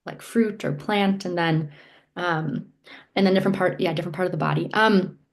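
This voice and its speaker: A woman's voice: lowish voice, normal speed. A woman taking part in a virtual gathering, asking a question hesitantly and with many fillers on a video call. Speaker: participant.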